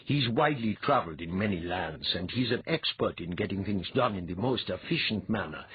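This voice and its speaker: A man voicing a shrewd, grave male priest envoy, measured and wry. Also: sits low, animated, husky, narrow, tinny audio, heavily acted. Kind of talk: audiobook character voice.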